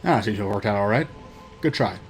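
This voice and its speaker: Fast-talking man playing a game. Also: fairly low pitch, expressive, faint music behind. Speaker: player and co-host of a gaming video. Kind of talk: casual commentary while playing.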